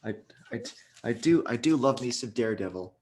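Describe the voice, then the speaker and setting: A man's voice: mid-range voice, expressive, a little fast, a little mellow. A young man co-hosting a casual chat, rambling and restarting his sentences often. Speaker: podcast co-host.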